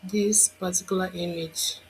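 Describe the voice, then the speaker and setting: A woman instructor walks through a tutorial in a slow, musing voice. She thinks aloud and mutters to herself while working, over a faint hiss. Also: on the low side, fairly even intonation. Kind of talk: screen-recorded tutorial.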